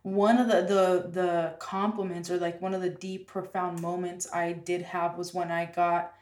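A woman guest, an artist, telling a story in casual conversation, with lots of "like" and a lively, animated delivery. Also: fairly low pitch, normal speed. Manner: animated, heavy use of "like". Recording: roomy, distant from mic.

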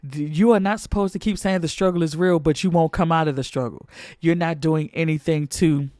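A man's voice: fairly high pitch, brisk, darkish tone, dry recording, studio quality. A man preaching a sermon, fervent and emphatic, repeating phrases for stress.

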